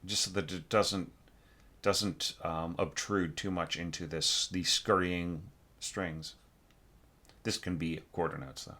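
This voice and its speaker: A man teaching orchestration, giving a relaxed score critique full of fillers and self-corrections, now and then singing phrases on nonsense syllables. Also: low-pitched, slow. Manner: relaxed, thinks aloud, sings phrases with syllables.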